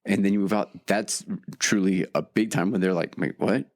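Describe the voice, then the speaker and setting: A man co-hosting a faith-based podcast, telling stories in quick, animated casual chat, often asking "you know what I mean". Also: deep voice. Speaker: podcast co-host.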